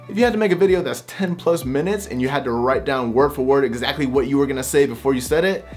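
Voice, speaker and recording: Man giving straight-talking video tips. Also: medium pitch. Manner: direct, conversational, speaks off bullet points. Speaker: YouTube creator giving tips. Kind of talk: casual talking-head tutorial.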